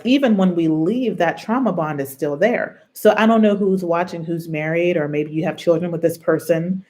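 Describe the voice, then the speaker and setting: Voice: medium pitch, a little mellow. A show host giving earnest, reflective advice on trauma bonds in a conversational way, drawing on personal experience and often checking in with the listener. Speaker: host of a healing and self-help show.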